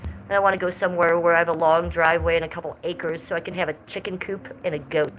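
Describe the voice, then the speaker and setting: An American woman hosts a casual livestream while walking through her house, indoors and onto the porch, chatting with viewers and using baby talk to coo at her pets. She talks fast in a fairly low, slightly bright voice with fairly even intonation. The audio is poor, with slight background noise.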